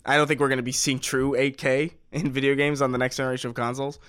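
A man co-hosts a casual podcast, speaking in a loose, relaxed way. He restarts his sentences and swears offhandedly at a mid pitch. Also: fast talker, clear, resonant tone, no echo, clean studio sound. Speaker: podcast co-host. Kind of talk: casual chat.

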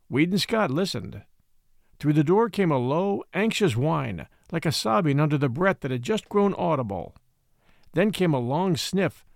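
A man reading a classic novel aloud in measured storytelling style. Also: fairly high pitch, gravelly, no echo, studio quality. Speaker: audiobook reader.

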